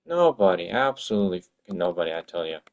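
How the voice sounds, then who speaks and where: Gravelly, exasperated man ranting while working. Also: low-pitched, very animated, fast talker. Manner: exasperated, swearing, talking to himself. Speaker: game developer streaming his work. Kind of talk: livestream commentary while working.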